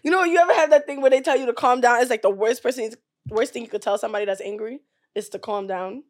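A young woman, chatting on a podcast in a fairly high voice. She tells stories with animated energy and laughs often. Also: fast. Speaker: podcast co-host. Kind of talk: casual chat.

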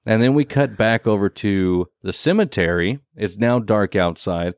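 A man co-hosting a casual podcast, recapping a horror movie with lots of swearing and quick acted-out lines. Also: lowish voice, no room sound, studio quality. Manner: profane, animated, acts out movie characters in quick bursts. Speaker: podcast co-host.

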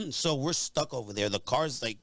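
A man's voice: medium pitch, animated, unhurried, a bit bright, no room sound. A young man co-hosting a podcast, telling a long, rambling story with lots of asides. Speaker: podcast co-host. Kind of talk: casual storytelling.

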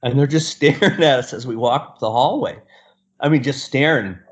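A middle-aged man and portrait photographer telling a story in an animated way, acting out the other people's lines and laughing often. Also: mid-range voice, normal speed. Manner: acts out quoted voices and laughs often. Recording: dull lo-fi sound.

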